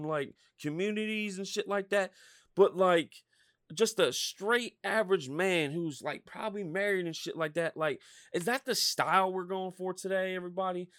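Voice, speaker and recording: A man in his thirties hosts a podcast, launching into a casual, animated rant packed with swearing and filler words. His voice is high, and the sound is studio quality with no echo.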